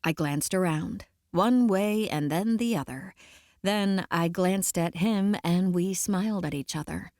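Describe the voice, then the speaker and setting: A woman's voice: lowish voice, unhurried, darkish tone, dry recording, clean studio sound. A woman narrating a romance audiobook in the first person, in a conversational storytelling way.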